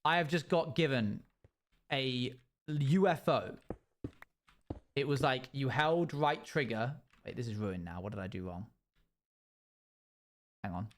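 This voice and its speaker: A man's voice: mid-range voice, a little slow, long pauses. A young man streaming a game and telling a rambling story with sound-effect noises. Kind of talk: casual storytelling while gaming.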